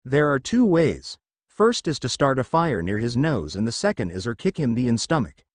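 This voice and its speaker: A man's voice: mid-range voice, big pitch swings, moderate pace, dry recording, clean studio sound. A man voicing a bossy kaiju king. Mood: teasing. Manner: bossy, teasing. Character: gruff ancient male kaiju king, mocking.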